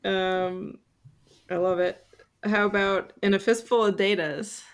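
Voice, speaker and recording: A woman's voice: medium pitch, steady tone, measured pace. A woman hosting a podcast in casual chat, leading the talk with questions. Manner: leads with questions, laughs.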